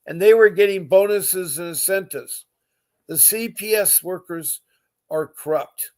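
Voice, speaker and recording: A man hosts a live podcast in a slightly higher voice. He talks earnestly and with feeling, repeats words for emphasis and stops to greet his viewers. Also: measured pace, darkish tone. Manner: emotional, repetitive, earnest. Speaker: podcast host.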